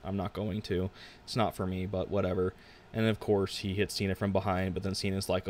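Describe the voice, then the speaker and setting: Rambling man reviewing wrestling, low voice. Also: little pitch movement, a little fast, a little mellow. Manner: rambling, self-interrupting, frank opinions. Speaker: podcast host reviewing wrestling. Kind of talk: casual solo review.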